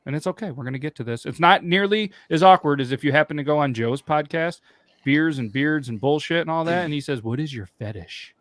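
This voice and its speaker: A man's voice: a little high, fast, fairly bright tone, no echo. A man co-hosting a podcast, telling crude jokes in casual banter and leading the show's segments. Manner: joking, crude humor, runs the show segments. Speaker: podcast co-host.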